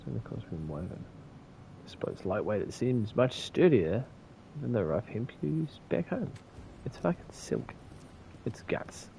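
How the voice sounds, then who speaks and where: A man's voice: fairly low pitch, big pitch swings, normal speed, gravelly, dark tone, slight background noise. A man from New with a slight lisp, mumbling and laughing through casual, profane commentary as he streams a game. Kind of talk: casual live gameplay commentary.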